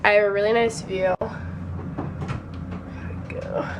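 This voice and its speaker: A woman's voice: mid-range voice, steady tone, measured pace, lo-fi sound, slight background noise. A young woman, a college student, chatting casually and rambling through a vlog tour of her dorm room, sounding a little tired. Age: young adult. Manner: chatty and rambling, with many fillers.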